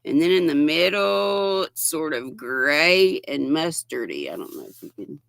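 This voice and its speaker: An older woman chats slowly and warmly through a yarn show-and-tell, greeting viewers as she goes. Her voice is bright with a gravelly edge, and the sound is dry and close. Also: sits low, big pitch swings, no room sound. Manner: chatty, reads viewer comments aloud with affectionate greetings. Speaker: livestream host. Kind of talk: casual chat while showing yarn.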